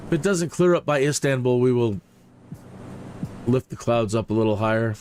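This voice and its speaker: Male streamer, casual rambling commentary, mid pitch. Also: lively intonation, moderate pace, darkish tone, slight background noise. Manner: rambling, jokey, with many fillers.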